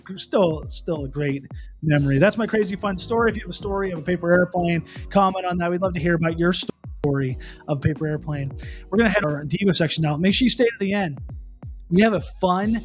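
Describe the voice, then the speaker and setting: Animated man telling a story over music. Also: sits high, a little fast. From Pennsylvania. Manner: animated, restarts and repeats, asks the listener questions. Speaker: host. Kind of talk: casual morning show storytelling.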